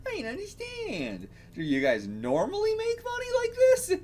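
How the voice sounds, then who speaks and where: A man voicing a scruffy young beggar boy with a high, rough backwoods drawl. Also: huge pitch swings, normal speed, darkish tone, exaggerated voice. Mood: puzzled.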